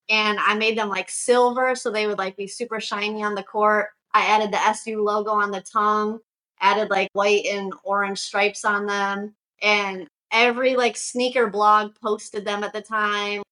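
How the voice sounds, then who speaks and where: A woman's voice: mid-range voice, little pitch movement, a little slow, sharp tone, rough recording. A young woman from Syracuse, New York, talking casually as a guest about her shoe business, with lots of "like" fillers. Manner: chatty, frequent "like" fillers, storytelling. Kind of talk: casual interview conversation.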